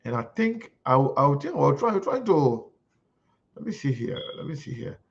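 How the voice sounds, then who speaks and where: A man's voice: mid-range voice, big pitch swings, moderate pace, vocal fry, lo-fi sound. A male host giving political commentary, rambling and searching aloud as he talks.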